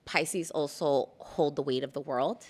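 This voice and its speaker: A woman's voice: low-pitched, a little slow. A woman guest in a podcast chat, candidly telling a personal story and slipping in Spanish phrases.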